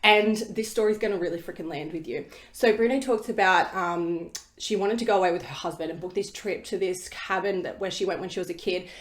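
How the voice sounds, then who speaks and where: A woman's voice: on the low side, fairly quick, hardly any pauses. A woman hosting a solo podcast, talking bluntly and emphatically and swearing casually. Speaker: podcast host. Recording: roomy echo.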